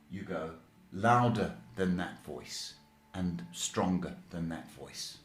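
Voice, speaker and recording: In an echoey room, a male psychic host offers live-stream advice to viewers, chatting reassuringly and often saying "okay" and "folks." His voice is fairly low, with lively intonation and a slow pace.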